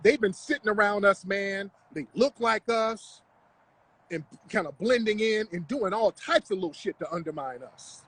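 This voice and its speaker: A man's voice: sits high, expressive, moderate pace, a bit bright, breathy edge, rough recording. A man hosting a livestream, talking in a confrontational, mocking, profane rant. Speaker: livestream host. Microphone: live stream mic.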